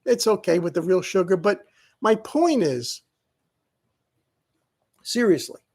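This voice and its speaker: A man's voice: high-pitched, sing-song, takes it slowly, darkish tone, breathy edge. A middle-aged man vlogging in a casual, rambling, self-mocking way, laughing often as he talks. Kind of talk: casual vlog monologue.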